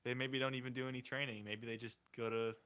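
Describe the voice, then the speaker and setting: A man's voice: mid-range voice, flat delivery, fast, sharp tone, clear, resonant tone. A young man co-hosting a casual movie review podcast, rambling and emotional, laughing often as he talks. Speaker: podcast co-host.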